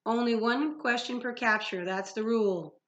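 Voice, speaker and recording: A woman's voice: a little high, normal speed, lo-fi sound, natural voice. A woman voicing a whiny, gloating old male sea spirit in a storybook read-aloud. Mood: sulky. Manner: whiny, then sly and gloating.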